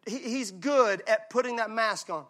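A male pastor from Mississippi, preaching a lively, joking, conversational sermon. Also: sits high, moderate pace. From Mississippi, USA.

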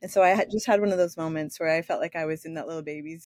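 An older woman hosts a podcast and speaks openly and emotionally, laughing softly between thoughts. Her voice is recorded dry and close, with no room echo. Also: low voice, quick pace. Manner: warm, emotional, laughs while talking. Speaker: podcast host. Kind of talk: casual podcast chat.

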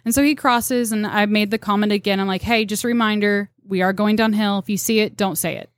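A young woman, a deer tracker on a podcast, telling animated stories and acting out quotes with laughs. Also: medium pitch, a little fast, no echo, studio quality. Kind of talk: casual storytelling chat.

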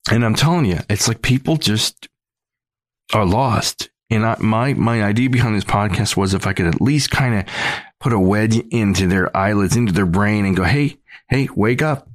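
A man's voice: on the low side, normal speed, no echo. A middle-aged man hosting a podcast, talking in an earnest, rambling monologue full of restarts. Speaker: podcast host.

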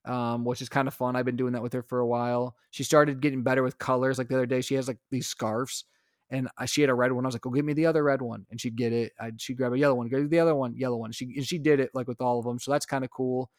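A young adult man co-hosting a casual podcast, recounting a chaotic day with animated storytelling. His voice sits at a middle pitch and is recorded dry and close, with no room sound. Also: quick pace, clean tone, dry recording. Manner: animated storytelling, acts out his own lines. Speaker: podcast co-host, father. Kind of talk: casual chat.

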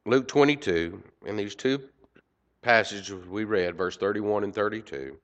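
A man preaching a sermon, swinging from loud emphasis to quiet asides. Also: on the low side, measured pace. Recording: dull lo-fi recording.

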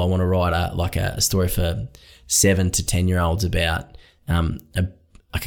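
A man with an Australian accent, a children's author chatting as an interview guest in a relaxed, self-deprecating way. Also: low voice. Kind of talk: casual interview chat.

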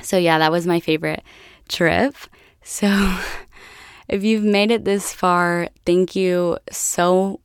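A woman's voice: lowish voice, smooth, no room sound, studio quality. A young American woman hosting a podcast, chatty and laughing often as she tells a travel story to her listeners. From United States. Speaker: podcast host. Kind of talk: casual solo storytelling.

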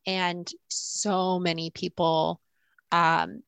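A woman with a somewhat low voice, co-hosting a podcast in a reflective way. She feels her way through each thought with halting restarts and fillers. The sound is dry and close to the mic. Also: flat delivery, gravelly, fairly bright tone, clean tone, no echo. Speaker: podcast co-host.

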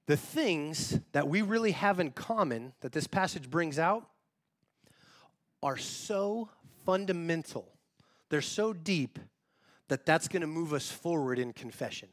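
A man's voice: on the high side, expressive, measured pace. A male pastor giving a conversational sermon, talking straight to the congregation in an informal, self-deprecating way.

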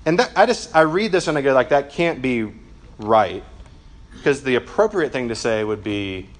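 A man's voice: medium pitch, brisk. Chatty young man preaching. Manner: relaxed and chatty, with frequent "like" and self-corrections. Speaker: pastor. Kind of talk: casual conversational sermon.

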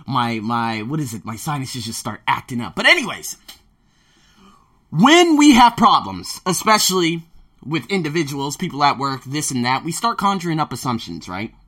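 A man hosting a casual monologue podcast as a language teacher working abroad, telling stories in an animated way and swearing freely. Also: mid-range voice, moderate pace. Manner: animated storyteller who acts out his own quotes, swears freely. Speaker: podcast host.

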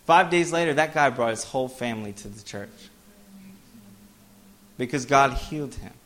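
A middle-aged man preaching a sermon, telling a personal story, with animated bursts and softer asides. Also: mid-range voice, normal speed. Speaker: pastor.

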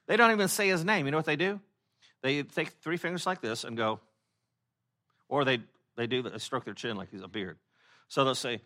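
Man, pastor, conversational sermon, bright tense tone, fillers and restarts, acts out quotes. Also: on the high side, a little fast. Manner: acts out quoted speakers in animated voices.

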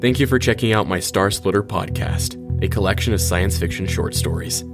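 A man hosting his podcast and narrating a first-person science-fiction short story in a measured, steady way. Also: low-pitched, creaky, music in the background.

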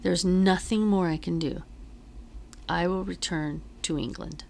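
A woman reading the lines of a gravely wounded colonial captain in a weak, halting, low delivery. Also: fairly even intonation, darkish tone. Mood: weary, solemn.

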